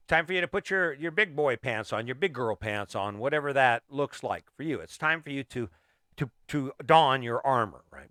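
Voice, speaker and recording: Emphatic middle-aged man, bright voice. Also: mid-range voice, no room sound, studio quality. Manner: emphatic, repeats rhetorical questions, restarts phrases. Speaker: podcast host. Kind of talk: motivational podcast monologue.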